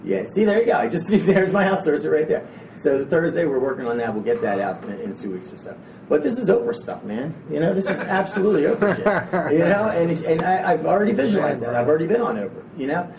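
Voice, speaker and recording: A man giving a rambling, energetic motivational talk to a live audience, frank and casual with some swearing. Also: on the high side, fast talker, distant mic, a crowd in the background. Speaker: motivational speaker. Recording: echoey room, speaker away from the mic, faint noise.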